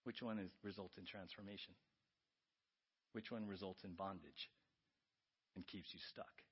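A pastor preaching a sermon, swinging between loud, urgent questions and quiet, confiding asides. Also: male voice, low voice, fairly even intonation, moderate pace, breathy edge, lo-fi sound.

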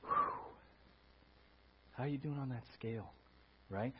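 Man, pastor, sermon, husky tone, animated and playful, muffled church recording. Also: mid-range voice, unhurried. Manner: animated, playful, swings from quiet to loud. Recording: dull lo-fi sermon audio.

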